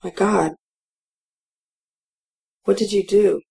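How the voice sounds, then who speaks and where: A woman's voice: medium pitch, steady tone, very slow, gravelly, dark tone, exaggerated voice. Nan, a shaken, tearful woman, voiced by a female reader. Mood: stunned. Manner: shaken, pleading, near tears. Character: distraught woman, partner of the narrator. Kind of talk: audiobook character voice.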